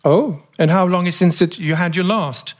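A man's voice: sits high, moderate pace, pitched above the performer's own voice, natural voice. A man voicing a flighty young English actress with a gushing, cooing manner. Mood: teasing.

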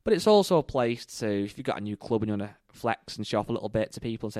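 A chatty man co-hosts a golf podcast, promoting the show in an easy, casual way. His voice sits fairly low, and the recording is dry and close. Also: animated, rapid-fire, hardly any pauses, a little mellow, no echo. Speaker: podcast co-host. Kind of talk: casual chat.

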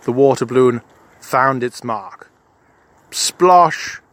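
A man's voice: medium pitch, slow pace, a bit bright. A man telling a comic adventure story in the first person, in a pompous, self-satisfied manner.

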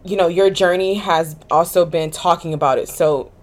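A woman's voice: on the low side, fairly even intonation, moderate pace. A woman hosting a podcast interview, affirming her guests and laughing along. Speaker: host.

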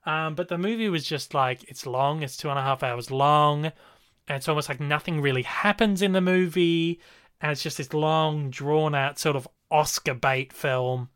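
Male film-chat co-host: bright, clear voice, enthusiastic and rambling delivery. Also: fairly high pitch, normal speed. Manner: enthusiastic, rambling with fillers and restarts. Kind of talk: casual film review chat.

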